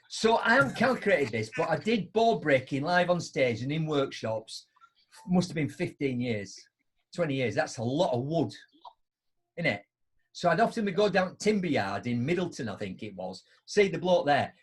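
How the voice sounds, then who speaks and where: Middle-aged man, motivational speaker, anecdotal storytelling, husky voice, animated pitch. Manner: chatty, anecdotal, keeps asking "right?". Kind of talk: storytelling on a live online show. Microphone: video call.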